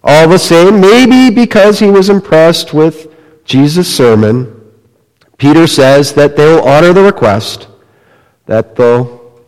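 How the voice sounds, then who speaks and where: A man preaching a sermon, retelling a story slowly and dramatically, dropping to a hush and rising again. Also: a little high, animated. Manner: slow, dramatic storytelling with wide swings in loudness. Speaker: pastor. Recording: long reverb of a large hall.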